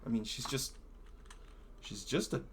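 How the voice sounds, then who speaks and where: A woman's voice: extremely low pitch, animated, a little slow, slight background noise. A woman game master voicing a doubtful young male palace guard who stammers as he protests.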